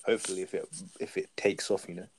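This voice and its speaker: Laid-back young man, low voice. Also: little pitch movement, fast talker, background noise. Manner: laid-back, slangy, filler-heavy. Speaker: podcast co-host. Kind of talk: casual chat.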